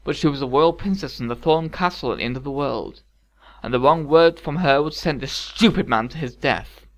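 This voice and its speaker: Man, storybook narration, calm, wry, slightly high pitch. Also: normal speed. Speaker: audiobook narrator. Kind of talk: scripted narration.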